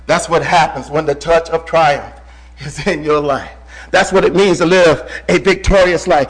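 A man preaching a sermon, swinging between shouts and hushed tones and calling out to the congregation as brother. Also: a little high, fairly even intonation, moderate pace.

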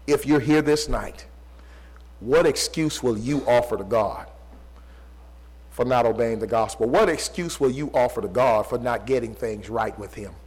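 A man preaching a sermon, repeating rhetorical questions, swinging between loud emphatic pleas and low, quiet passages. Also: moderate pace, breathy edge, poor audio.

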